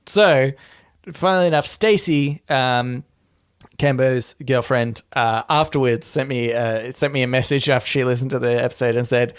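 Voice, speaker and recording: Casting: young Australian male podcast co-host, smooth resonant tone, easy giggly rambling delivery. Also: mid-range voice, moderate pace. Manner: laughs often, loose and rambling. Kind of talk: casual chat.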